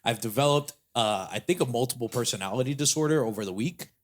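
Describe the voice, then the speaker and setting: Animated male podcast host telling a story. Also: mid-range voice, fast. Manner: animated, rambling storyteller with fillers. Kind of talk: casual storytelling chat.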